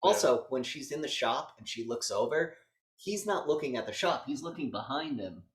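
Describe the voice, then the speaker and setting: Animated, profane man in an echoey room. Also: mid-range voice. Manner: animated, profane, acts out scenes in quick voices. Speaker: podcast co-host. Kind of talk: casual movie review chat.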